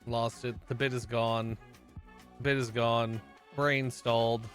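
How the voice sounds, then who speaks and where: Slow-talking playful male streamer. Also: mid-range voice, level tone, fairly bright tone, faint music behind. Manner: rambling, playful, easily sidetracked. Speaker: live streamer. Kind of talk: casual live-stream chat with viewers.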